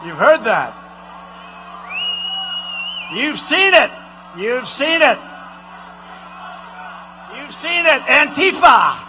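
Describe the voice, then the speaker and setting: A man doing a high, bragging president at a rally. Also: big pitch swings, very slow, pauses often, some chatter behind, a little hiss or hum, exaggerated voice. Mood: boastful rally. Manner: repetitive, rambling, bragging, with sudden shouted lines. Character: boastful, rambling male president addressing a rally crowd. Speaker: impressionist. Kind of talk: political impression, rally speech.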